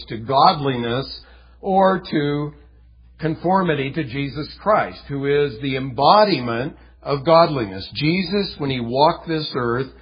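A man's voice: mid-range voice, husky. A man preaching a sermon as pastor, talking earnestly and conversationally. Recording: dull lo-fi recording.

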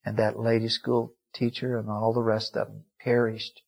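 A man preaching a sermon as a pastor, telling a story and swinging from loud climaxes to hushed, quiet lines. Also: on the low side, level tone, normal speed, vocal fry.

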